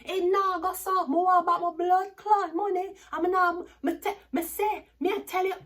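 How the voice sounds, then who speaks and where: A woman voicing a furious person cussing aloud on the street, with a Jamaican accent and a shouted, high-pitched delivery. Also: steady tone, moderate pace.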